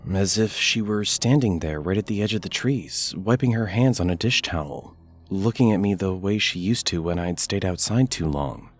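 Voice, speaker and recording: A man narrating a first-person scary story in a measured, hushed delivery with deliberate pauses. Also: low-pitched, animated.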